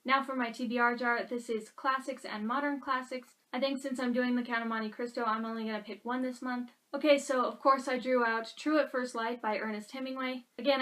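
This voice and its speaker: Chatty woman with a higher voice. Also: a bit bright. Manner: chatty, candid, frank opinions. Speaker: book vlogger. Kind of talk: casual monthly book review.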